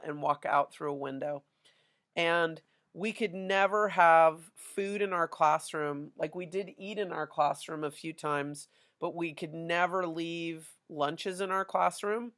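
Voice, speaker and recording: A middle-aged woman teacher, chatting through a classroom lesson with stories and many fillers. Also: sits low. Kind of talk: casual classroom lesson with anecdotes.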